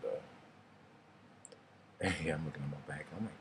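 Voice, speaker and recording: A man's voice: very deep voice, steady tone, moderate pace, noisy background. A young man, telling rambling, casual stories and swearing freely in a vlog. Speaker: vlogger. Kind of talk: casual storytelling monologue.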